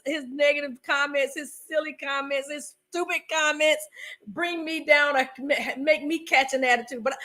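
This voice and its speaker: This is a woman with a Southern US accent, from North Carolina, co-hosting a marriage talk stream. She is chatty and laughs easily, her voice sitting high, and she keeps calling the audience y'all. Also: a bit bright. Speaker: co-host of a marriage talk show. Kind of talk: casual livestream chat.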